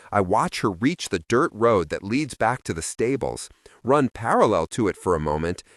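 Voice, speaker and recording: Expressive male audiobook narrator. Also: fairly low pitch, no echo, studio quality. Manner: expressive, shifting voices for characters. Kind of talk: first-person audiobook narration.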